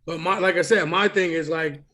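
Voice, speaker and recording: A man's voice: on the high side, steady tone, a little fast, pushed and bright. A man co-hosting a wrestling podcast, talking bluntly and emphatically with plenty of swearing. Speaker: podcast co-host. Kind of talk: casual wrestling podcast chat.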